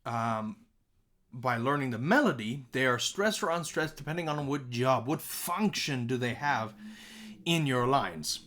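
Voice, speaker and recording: Animated man teaching a lesson. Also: unhurried. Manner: frequent checking "okay?", repeats words to demonstrate pitch; animated, sing-song emphasis. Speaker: music teacher. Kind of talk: recorded classroom lesson.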